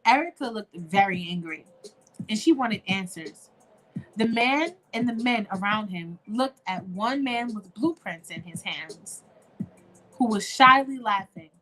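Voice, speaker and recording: A woman's voice: a little high, expressive, measured pace, fairly bright tone, soft background music, low-quality recording. A young woman hosting an online show, reading a fan-fiction story aloud in a chatty, casual way and addressing listeners directly. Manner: chatty, talks to listeners as "y'all".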